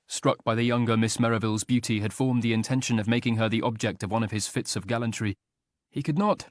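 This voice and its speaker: A man reads scripted narration for a historical romance audiobook, keeping his delivery steady and even. He speaks at medium pitch, recorded dry in a clean studio.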